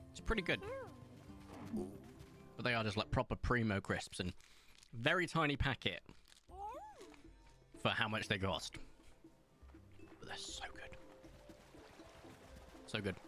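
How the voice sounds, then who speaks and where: A man's voice: medium pitch, expressive, moderate pace, pauses often, bright, forceful tone. Young British male streamer, casual and rambling, ordinary mid-range voice, faint music bed. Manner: rambling, with many fillers and restarts. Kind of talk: casual live-stream chat.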